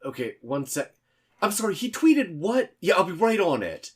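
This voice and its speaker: A man voicing a harried young office intern who stammers and rushes on the phone in a tabletop game. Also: mid-range voice, pitched above the performer's own voice, lightly acted. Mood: flustered.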